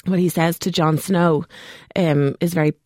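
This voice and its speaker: Woman chatting about a tv show, bit low voice, acts out the lines, dry sound. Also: fairly even intonation, moderate pace, dark tone, no echo. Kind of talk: casual chat about a TV episode.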